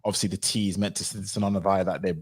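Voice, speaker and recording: A low-pitched man hosts a casual livestream chat, speaking quickly and fluidly. His delivery is relaxed and filled with "um"s. The recording is dry and close. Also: husky, no echo. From United Kingdom. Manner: relaxed, filler-heavy, agreeable. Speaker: livestream host. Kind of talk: casual panel discussion.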